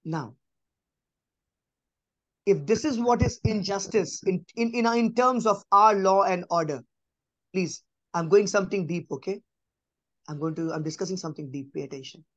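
A man's voice: moderate pace, pauses often, dry recording, muffled recording. Emphatic man teaching scripture. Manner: emphatic, repeats key phrases, drops to a soft low voice. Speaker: preacher. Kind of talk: conversational Bible teaching.

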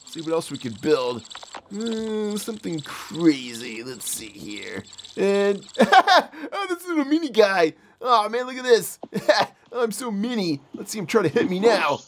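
A performer voicing an excitable, giggly male puppet who hosts a kids' game play show, laughing often and making boom and beep sounds. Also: a little slow, slight background noise. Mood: giddy. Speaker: host. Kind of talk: game play commentary for kids.

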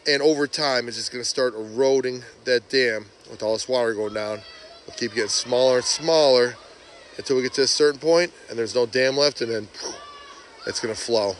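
A man vlogging outdoors by a pond, chatty and excited as he narrates while walking with a handheld phone. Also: medium pitch, a little hiss or hum. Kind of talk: casual outdoor vlog commentary. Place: outdoors by a pond and beaver dam. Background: rushing water.

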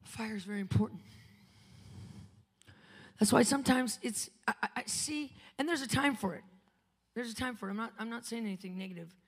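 A woman preaching a live conference sermon, telling a testimony with dramatic swings between loud and hushed delivery. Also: on the high side, a little fast, long pauses, slightly rough. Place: conference venue. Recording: preaching in a large reverberant hall.

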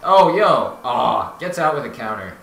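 A young man calls esports play-by-play, quick with jargon and casual with his swearing. His voice is bright and swings widely in pitch. The room is echoey, with faint noise behind him. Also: very animated, gravelly. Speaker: play-by-play commentator. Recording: roomy echo with faint noise.

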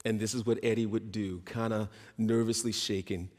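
A man's voice: level tone, moderate pace, a little mellow, big-room sound. A man preaching a sermon, telling stories and acting out the voices of the people in them. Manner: storytelling, acts out quoted voices in a raised pitch. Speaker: pastor.

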